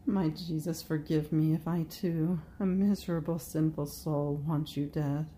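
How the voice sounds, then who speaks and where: Slow, prayerful woman devotional reader. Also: deep voice, fairly even intonation, dark tone, slight background noise. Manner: slow, prayerful, addressing Jesus directly. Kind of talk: devotional meditation reading.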